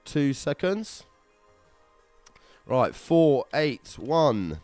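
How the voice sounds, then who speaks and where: A young man hosting a live prize draw, chatting excitably and swearing now and then. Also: a little high, very slow, dry recording, faint music behind. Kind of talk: casual livestream chat.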